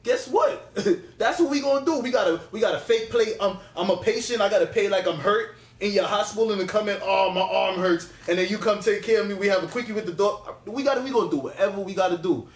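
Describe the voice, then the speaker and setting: A man with a high, light voice argues hard in a casual podcast debate. He repeats phrases and presses on over interruptions. The sound is roomy and echoey. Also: quick pace, hardly any pauses. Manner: insistent, repeats himself, talks over others. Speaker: podcast host.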